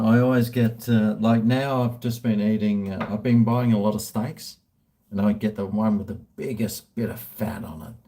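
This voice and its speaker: Slow, rambling Australian man. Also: fairly low pitch, warm tone. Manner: rambling, joking, crude. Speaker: vlogger answering viewer questions. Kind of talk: casual chat.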